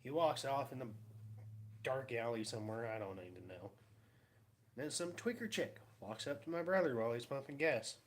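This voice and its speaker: Vlogger, male, wry and rambling, mid-pitch everyday voice. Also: expressive, moderate pace, a little hiss or hum. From Pacific Northwest of the US. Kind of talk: casual vlog chat.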